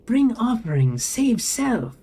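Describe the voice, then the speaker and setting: A player reading a narrative game aloud, voicing a cryptic vending machine in slow, halting, broken phrases. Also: medium pitch, sing-song, dark tone, voice pushed up, heavily acted. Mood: urgent. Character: eerie multitonal vending machine, cryptic and urgent.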